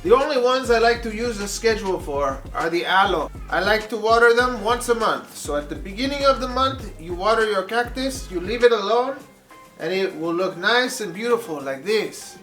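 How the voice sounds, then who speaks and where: A man's voice: high-pitched, lively intonation, moderate pace, a bit bright, reverberant, faint music behind. A man putting on a flamboyant plant-loving character with a mock Spanish accent, theatrical and doting. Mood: playful. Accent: put-on Spanish. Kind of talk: comic vlog persona.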